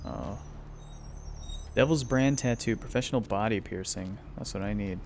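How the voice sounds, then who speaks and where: A man's voice: on the low side, moderate pace, slight background noise. A man streaming a game live, making joking, wisecracking asides as he plays.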